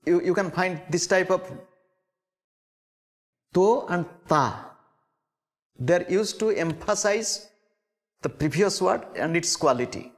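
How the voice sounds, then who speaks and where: A man giving a spiritual lecture, speaking slowly and deliberately and repeating key words. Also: high voice. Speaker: spiritual teacher. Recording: long hall reverb.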